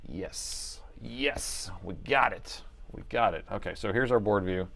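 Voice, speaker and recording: A man's voice: on the low side, a little slow, creaky, fairly bright tone. A man hosting a live laptop repair stream, muttering to himself as he works and chatting casually with viewers. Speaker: livestream repair host.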